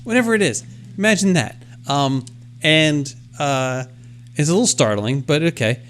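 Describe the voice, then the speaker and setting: Bright and fairly high-pitched with lively intonation, this man speaks at a moderate pace while co-hosting a podcast. In casual chat he tells a story peppered with fillers and imitated machine noises.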